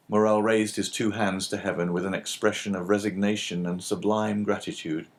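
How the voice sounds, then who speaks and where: A man reads a classic novel aloud in a steady, measured way, fitting for an audiobook. His voice sits fairly low and even. The narration is unhurried and plainly told.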